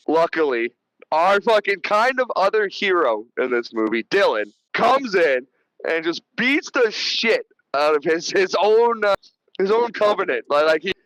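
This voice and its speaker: Rambling, swearing podcast host, fairly high voice. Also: male voice, fairly bright tone, no room sound, low-quality recording. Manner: rambling, profane, retells scenes. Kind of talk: casual movie review chat.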